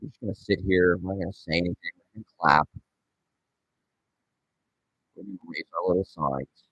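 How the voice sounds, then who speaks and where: A man's voice: deep voice, a little fast, gravelly, a bit bright, husky, no echo, poor audio. A man in his forties rambling and ranting sarcastically and profanely as he hosts his show solo. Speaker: podcast host. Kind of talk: solo casual rant.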